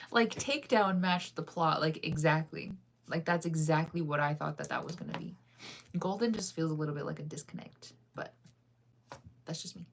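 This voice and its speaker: A woman's voice: low-pitched, moderate pace, vocal fry, pauses often, slight background noise. A young woman chatting casually with her viewers while she reads comments, laughing often. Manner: chatty, laughs often, sings snippets off-key. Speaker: livestreamer reading comments.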